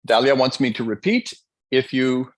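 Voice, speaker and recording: A man's voice: mid-range voice, expressive, moderate pace. A man hosting a live online seminar as a motivational coach, talking energetically and playfully, addressing the audience directly. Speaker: motivational coach, event host.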